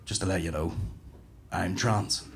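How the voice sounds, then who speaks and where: A comedian voicing a tall, friendly young trans woman who talks low and matter-of-fact. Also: unhurried, vocal fry, background noise. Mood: calm.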